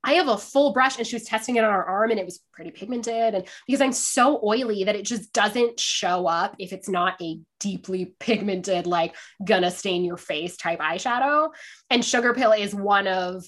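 A woman chats openly about her life and drag work, with casual swearing and lots of animated storytelling. Her voice sits at a middle pitch. She sounds like she is talking from home over a call. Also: normal speed. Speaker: drag performer guest. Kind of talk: casual interview chat. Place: sitting by a window, on a video call.

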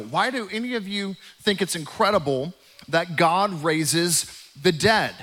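A male pastor preaching a sermon in an animated way, acting out the voices from scripture. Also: high-pitched, unhurried.

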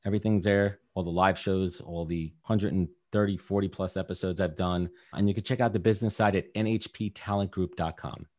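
Brief: low-pitched man, 30s, quick rambling guest talk, candid. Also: fairly even intonation, darkish tone. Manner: rambling, candid, lots of fillers. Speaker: podcast guest. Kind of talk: casual podcast chat.

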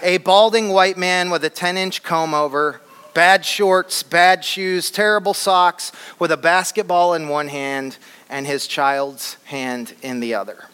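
A man from Flint, Michigan, telling an animated and humorous personal story to a live audience in a large hall. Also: sits high, measured pace, clean tone. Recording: long hall reverb.

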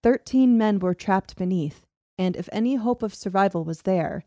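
Woman host, warm dark tone, steady scripted read, dry studio sound. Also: mid-range voice, moderate pace, no room sound. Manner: steady storytelling with laughs between. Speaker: podcast host. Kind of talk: reading a history script with banter.

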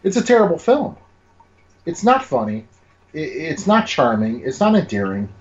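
A man ranting in casual podcast chat, emphatic and exasperated, with lively ups and downs in his voice. The recording sounds dull and lo-fi. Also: fairly high pitch, normal speed. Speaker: podcast co-host. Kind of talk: casual film review chat.

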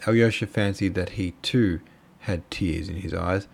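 Male reader, very deep voice, gravelly fry, tired, casual, trips on names. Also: a little slow. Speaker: audiobook reader. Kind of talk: amateur book reading.

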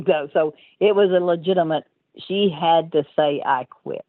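A woman's voice: low-pitched, measured pace, dry recording. An older woman telling stories as an interview guest, rambling and laughing often mid-sentence, heard over a tinny phone line.

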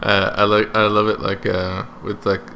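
Male co-host, deep but sharp-edged voice, halting speech full of fillers. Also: level tone, creaky, slight background noise. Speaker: podcast co-host. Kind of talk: casual chat.

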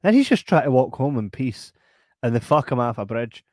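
A Scottish man co-hosting a casual podcast, retelling a film in an animated, sweary way. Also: mid-range voice, normal speed, no room sound, clean studio sound. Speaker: podcast co-host. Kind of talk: casual late-night chat.

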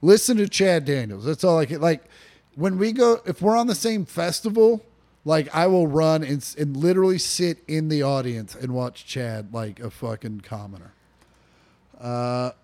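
A man's voice: on the high side, lively intonation, moderate pace, a little mellow. Rambling young man on a podcast. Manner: rambling, lots of fillers and restarts, swearing. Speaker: podcast co-host. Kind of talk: casual podcast chat. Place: living room.

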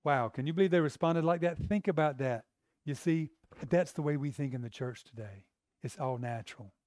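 A man's voice: a little high, dark tone, no echo, studio quality. A man preaching a sermon in a conversational way, asking the congregation rhetorical questions.

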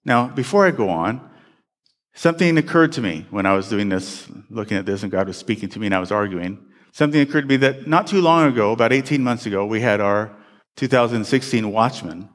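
A man preaching a sermon to his congregation in a conversational, animated way, often restarting phrases and putting questions to the room. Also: lowish voice, fairly quick. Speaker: pastor. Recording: long hall reverb.

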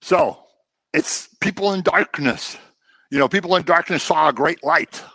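A middle-aged man preaching a sermon, lively and dramatic, slipping into the voices of the people he describes. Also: high voice, unhurried, gravelly, no room sound. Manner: animated, acts out voices of people he quotes. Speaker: pastor.

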